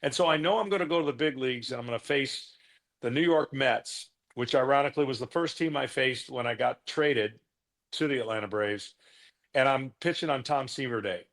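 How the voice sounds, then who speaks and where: A middle-aged man, a former pitcher, telling stories from his career in a casual interview, now and then acting out the voices of the people in them. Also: brisk. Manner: relaxed, anecdotal, acts out quoted voices.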